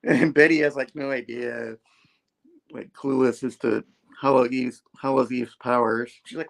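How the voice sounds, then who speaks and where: A hoarse man co-hosting a casual comic book review, retelling the plot in an animated way full of "like" asides. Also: mid-range voice, unhurried. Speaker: co-host.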